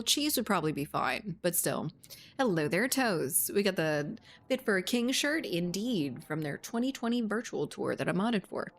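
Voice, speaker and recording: A woman's voice: medium pitch, big pitch swings, normal speed. A woman game streamer in casual live-stream chat, laughing often, swearing freely and answering her viewers.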